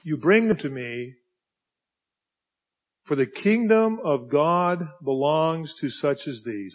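A pastor preaching a sermon, swinging from hushed, slow emphasis to loud, forceful passages. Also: male voice, fairly high pitch. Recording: dull lo-fi sound.

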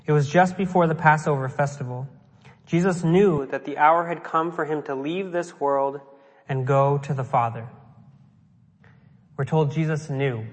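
Pastor in a reverberant church hall. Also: male voice, mid-range voice. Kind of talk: sermon.

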